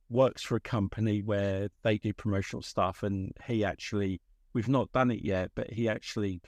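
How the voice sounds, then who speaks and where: A man hosting a podcast, rambling through animated stories and acting out quotes in casual chat. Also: on the low side, no echo, clean studio sound. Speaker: podcast host.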